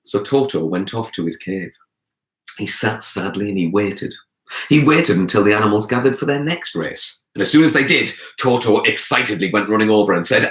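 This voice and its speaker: A male storyteller spinning a tale for young children, his pitch leaping up and down with lively animation. He speaks straight to the kids, and the sound rings in a roomy echo. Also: normal speed. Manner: animated, addresses children directly.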